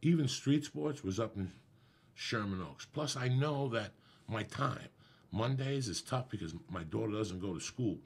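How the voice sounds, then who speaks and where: A middle-aged man, a comedian guest, telling a profane, animated story in casual podcast chat. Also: fairly low pitch, unhurried. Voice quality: gravelly, husky.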